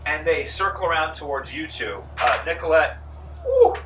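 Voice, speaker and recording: Lively man game master, echoey room. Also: a little high, normal speed, recorded from a distance, slight background noise. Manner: animated storytelling with shouted character lines. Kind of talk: narrating a tabletop game. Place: large room, library program.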